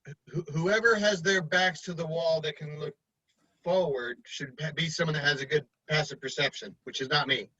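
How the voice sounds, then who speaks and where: A man with a bright, tense, fairly high voice talks strategy at the table, joking and restarting his sentences as he thinks. His audio is dry and a bit dull, as from a basic home mic. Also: moderate pace, no echo. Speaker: player. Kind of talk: casual tabletop play.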